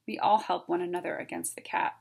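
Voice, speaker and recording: A woman voicing a stern, formal old male owl in a storybook read-aloud, speaking in a measured, formal way. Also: on the low side, fairly even intonation, creaky, breathy edge, exaggerated voice.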